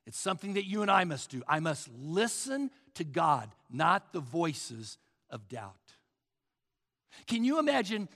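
A man's voice: sits high, vocal fry, fairly bright tone, long reverb tail. A male pastor preaching a sermon with emphatic repetition, often addressing the crowd as folks.

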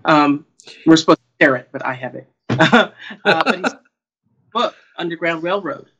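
A man who is a singer, recounting a story in a relaxed, meandering way during casual chat. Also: fairly high pitch, normal speed, dull audio.

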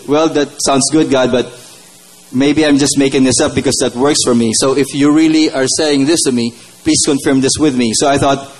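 A man's voice: medium pitch, slightly rough, low-quality recording. A man giving a personal testimony in a church service, retelling his prayers as a story. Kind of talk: testimony sermon.

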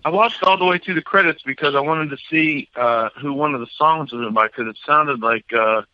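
A man co-hosting a podcast, chatting casually in a halting, rambling way with lots of swearing. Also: a little high, no room sound, highs cut off. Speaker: podcast co-host. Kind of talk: casual chat.

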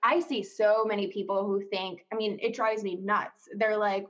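A woman in her twenties, a coach and podcast guest, talking candidly in a casual, animated way. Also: mid-range voice, moderate pace, lo-fi sound. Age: 20s.

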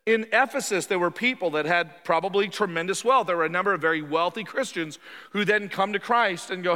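Man, pastor, conversational sermon, lively, acts out quotes, fairly high voice, reverberant hall. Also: a little fast. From Canada.

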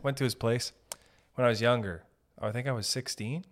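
A man's voice: medium pitch, fairly even intonation, brisk. A young man hosting a podcast, rambling through a comedic monologue, interrupting himself often and swearing casually. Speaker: podcast host.

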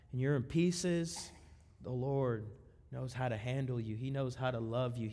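Impassioned preacher man in a reverberant hall. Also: medium pitch. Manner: impassioned, swings between hushed and soaring. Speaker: youth pastor. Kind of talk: sermon.

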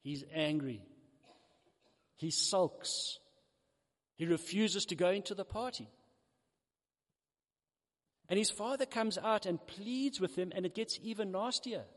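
High-voiced preacher in a reverberant hall. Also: male voice, slow, pauses often. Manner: animated storytelling, acts out the characters. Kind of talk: sermon.

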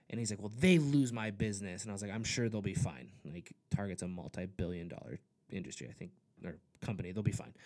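A man's voice: lowish voice, a little mellow. A man preaching a sermon in an earnest, conversational way, with casual asides. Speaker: pastor.

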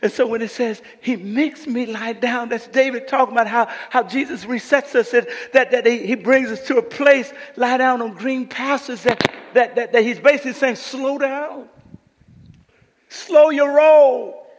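A man's voice: very high-pitched, normal speed, in a large hall. A man preaching a sermon as pastor, emphatic, often repeating words as he restarts his sentences. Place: church sanctuary.

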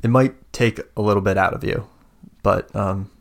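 A man's voice: lowish voice, normal speed, gravelly. Hesitant man running a tabletop game. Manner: hesitant, filler-heavy. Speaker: game master.

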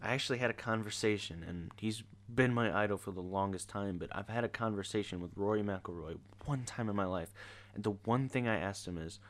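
A man's voice: lowish voice, a little fast. A teenage boy ranting casually in an exasperated, sarcastic way. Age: teens. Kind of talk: casual rant to camera.

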